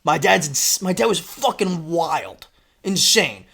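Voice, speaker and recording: A man co-hosting a podcast, telling a story in casual chat, animated and swearing, acting out quotes loudly. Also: fairly high pitch, slow pace, gravelly, husky. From Florida, United States. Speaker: podcast co-host.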